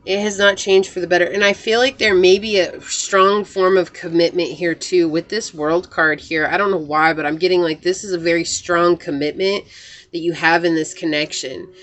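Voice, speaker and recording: A woman's voice: lowish voice, steady tone, normal speed. A woman reading tarot cards to camera in a casual, earnest way, full of "like" fillers. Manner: chatty and earnest, many "like" fillers. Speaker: tarot reader.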